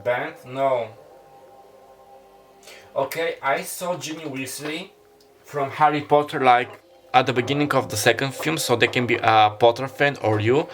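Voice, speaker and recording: A man's voice: medium pitch, a little slow, long pauses, fairly bright tone, faint music behind. A man who is not a native English speaker gives a casual tarot reading, rambling and hesitant, often stopping to apologize and correct himself. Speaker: tarot reader.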